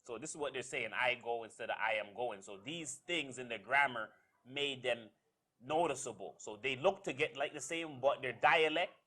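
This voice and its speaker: A man leading a church Bible study, explaining passages slowly and checking in with "all right?" as he goes. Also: medium pitch, pushed and bright, husky.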